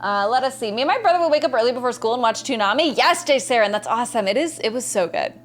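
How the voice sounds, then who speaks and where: A woman's voice: on the high side, animated, fast talker, a little hiss or hum. A young adult woman streaming a game, casually chatting, greeting and thanking viewers by name and reading their messages aloud. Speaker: gaming streamer. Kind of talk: casual live-stream chat.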